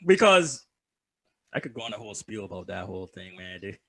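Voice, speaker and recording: A man's voice: lowish voice, very animated, brisk, a bit bright. A young man co-hosting a podcast in casual chat, joking loosely, swearing freely and laughing often. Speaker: podcast co-host.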